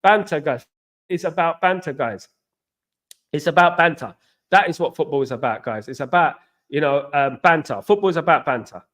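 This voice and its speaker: An English man hosting a casual live stream, chatting with viewers in an animated, repetitive, banter-heavy way with slang shout-outs. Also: fairly high pitch, normal speed. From England.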